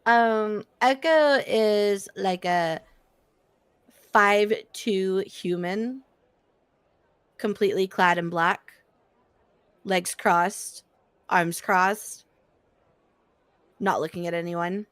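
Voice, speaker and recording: A woman playing in an online tabletop game, describing her character with hesitant pauses. She speaks slowly. The sound is dry and close. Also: medium pitch, clear, resonant tone, no echo. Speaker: player.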